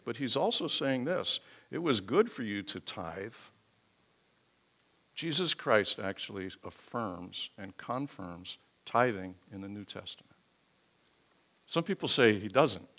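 A man preaching a sermon, thundering scripture and then softening into personal asides. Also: expressive, measured pace. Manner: booming scripture reading, softening into emotional asides. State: choked up.

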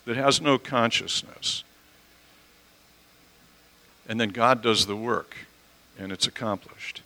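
Bright-voiced male pastor preaching. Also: medium pitch, low-quality recording. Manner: conversational, asks the audience questions. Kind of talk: expository sermon. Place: church sanctuary.

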